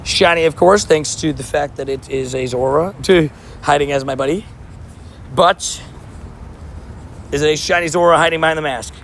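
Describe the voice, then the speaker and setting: A slightly hoarse young man with a voice sitting a bit high. He rambles cheerfully through a livestream, teasing himself as he walks. Faint street traffic hums underneath. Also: moderate pace, long pauses, fairly bright tone. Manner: chatty, joking, self-mocking banter. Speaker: mobile game streamer. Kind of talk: casual livestream commentary while playing.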